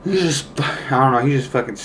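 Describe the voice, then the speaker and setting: A man's voice: mid-range voice, brisk, fairly bright tone, slight background noise. A young man casually telling a personal work story, rambling and profane with lots of slang fillers. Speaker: former deli worker telling a story.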